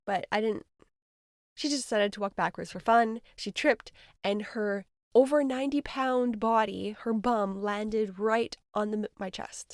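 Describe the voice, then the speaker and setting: Soft-spoken earnest woman, dry close sound. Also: mid-range voice, no room sound. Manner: rambling, earnest, often trailing into soft murmurs. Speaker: podcast host, energy healer. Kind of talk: casual spiritual podcast monologue.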